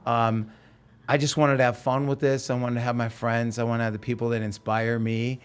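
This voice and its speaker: An enthusiastic man hosting a relaxed podcast chat, effusive and quick to exclaim, in a voice of ordinary male pitch. He is from Oregon and talks casually and warmly with his friends. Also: clean tone. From Oregon, USA. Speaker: podcast host.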